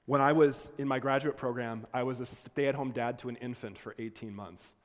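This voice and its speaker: A man's voice: medium pitch, steady tone, moderate pace. A male lecturer speaks to a class in an earnest, conversational way, often restarting his sentences. His voice sits in a mid range. The sound carries a long reverb from a large lecture hall. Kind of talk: lecture with personal storytelling.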